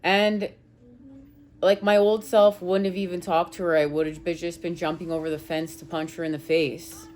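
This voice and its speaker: A woman tarot reader telling viewers a personal story in an emphatic, rambling way, swearing now and then. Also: deep voice. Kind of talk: casual spiritual talk to viewers.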